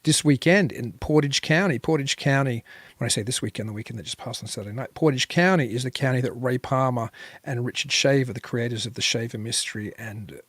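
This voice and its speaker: A man's voice: medium pitch, brisk, fairly bright tone, no room sound. A man hosting a podcast interview, upbeat and chatty, often repeating his words. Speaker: podcast host. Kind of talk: casual interview.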